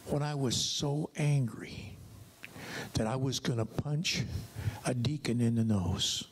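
An older man preaching a sermon testimony in an animated storytelling way, with his voice swinging high and low. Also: slow pace, slight background noise.

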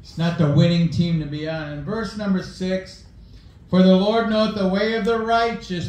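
Folksy pastor guy, kinda high voice, takes his time, big echoey church sound. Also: measured pace, a little mellow. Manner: folksy, storytelling preacher. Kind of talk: sermon.

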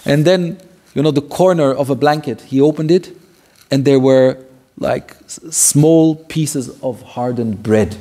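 A man teaching a weekly Quran commentary class earnestly retells stories, repeating key phrases and mixing in Arabic. His mid-range voice is warm and a little slow.

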